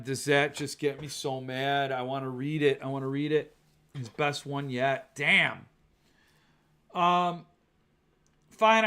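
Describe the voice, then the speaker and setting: A male podcast host ranting excitedly about books, swearing when annoyed and reading viewer comments aloud. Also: fairly high pitch, smooth. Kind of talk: ranting book-talk livestream.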